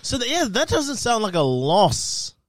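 A young man chatting casually, with quick teasing quips and frequent laughs. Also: sits high, huge pitch swings, dry recording. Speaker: podcast co-host. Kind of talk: casual chat.

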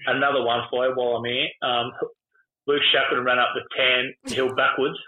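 A man's voice: medium pitch, a little fast, reverberant, narrow, tinny audio. A middle-aged Australian man and former footballer, telling rambling, sweary stories in a casual podcast chat and mimicking people as he goes. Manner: rambling, swearing, laughing, with lively imitations.

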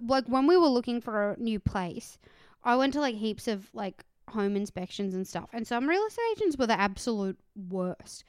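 Brief: woman, casual podcast co-host, higher smooth voice, dry close mic, animated and indignant storyteller. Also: normal speed, no echo. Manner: animated storytelling, voices her own anger loudly. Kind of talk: casual chat.

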